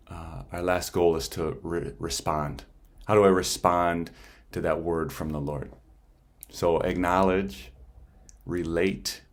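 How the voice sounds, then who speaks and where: Deep-voiced priest giving a conversational sermon. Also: male voice. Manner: plain, conversational storytelling with frequent restarts.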